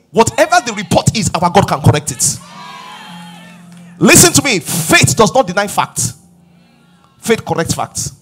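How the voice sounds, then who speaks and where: A middle-aged man preaching a sermon as pastor, emphatic and rising to shouts. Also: high voice, slightly rough.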